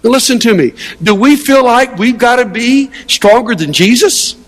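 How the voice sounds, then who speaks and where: High-pitched guy preaching a sermon, earnest, lots of restarts, big echoey church. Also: expressive, moderate pace. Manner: earnest, emphatic, with frequent restarts and rhetorical questions. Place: church sanctuary. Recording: long hall reverb.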